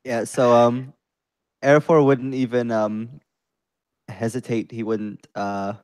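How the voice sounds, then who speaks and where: A man's voice: mid-range voice, level tone, takes it slowly, darkish tone, clear, resonant tone, dry recording. A man playing a ranger in a tabletop game, earnest and hesitant. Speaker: player.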